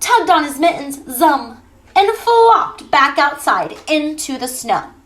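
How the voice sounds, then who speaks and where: A woman teacher reading a picture book aloud to children, animated and playful, stretching out the sounds. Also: sits high, slow pace.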